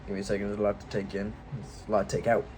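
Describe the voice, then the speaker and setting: A man's voice: lowish voice, monotone, rapid-fire, background noise. A man casually retelling a game series' story in a rambling, offhand, irreverent way, full of loose jokey paraphrase. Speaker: video host.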